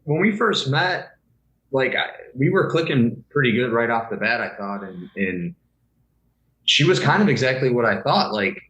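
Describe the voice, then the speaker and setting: A man's voice: mid-range voice, expressive, moderate pace, fairly bright tone, reverberant, highs cut off. A man chatting as a podcast guest, rambling and hesitant with lots of fillers. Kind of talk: casual podcast chat.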